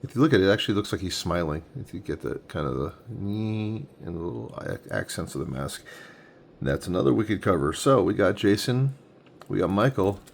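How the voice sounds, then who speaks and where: A man in his forties chats through an unboxing at home, thinking aloud with easy enthusiasm. His voice sits low with a gravelly edge, and a faint noise floor runs beneath the recording. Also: big pitch swings, brisk. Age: 40s. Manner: enthusiastic, thinking aloud while handling items. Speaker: comic collector unboxing comics. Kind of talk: casual unboxing vlog. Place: home room with a tripod-mounted camera.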